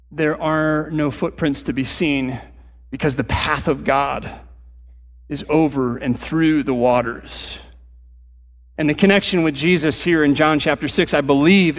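A man's voice: on the high side, long reverb tail. A man preaching a sermon, explaining scripture in a conversational way with casual asides. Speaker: pastor.

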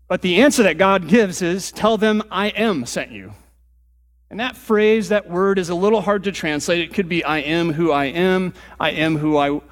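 A man's voice: high-pitched, in a large hall. A man preaching a sermon, explaining scripture in a conversational way with casual asides. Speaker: pastor.

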